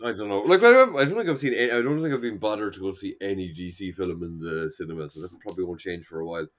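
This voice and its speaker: A man's voice: deep voice, fast. A man co-hosting a casual podcast chat, rambling and swearing freely as he restarts his sentences. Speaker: podcast co-host.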